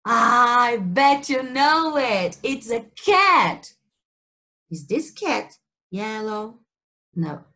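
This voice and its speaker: A woman's voice: on the high side, very animated, bright, forceful tone. A woman English teacher with a Brazilian Portuguese accent, leading a children's story time and asking simple questions about animals and colors. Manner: slow, exaggerated sing-song questioning for kids.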